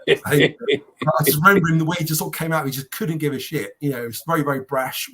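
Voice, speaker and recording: Animated storytelling man. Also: fairly high pitch, a little fast. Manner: animated anecdote-telling with mimicked quotes. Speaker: podcast panelist. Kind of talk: casual storytelling.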